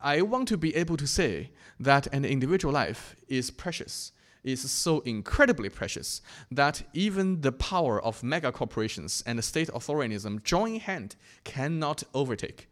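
Young guy from china telling his faith story, earnest and thoughtful, lots of restarts and ums. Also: medium pitch. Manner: earnest, reflective, with frequent restarts and fillers. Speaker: speaker sharing his faith testimony. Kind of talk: personal testimony talk.

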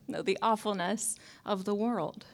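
A young adult woman preaching a conversational sermon in a wry, self-mocking way, often dropping to soft asides. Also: mid-range voice, fairly even intonation, a little slow.

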